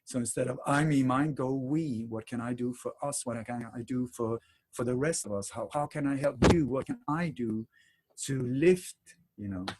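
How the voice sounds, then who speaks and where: A man speaking as a podcast guest in a conversational interview, telling stories in a rambling, animated way with emphatic repetitions. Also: medium pitch, moderate pace, a little hiss or hum.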